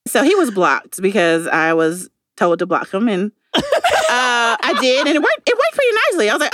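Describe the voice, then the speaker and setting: A woman's voice: fairly high pitch, sing-song, a little fast, fairly bright tone. A woman co-hosting a podcast, telling a story in casual chat and acting out both sides of the dialogue. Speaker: podcast co-host.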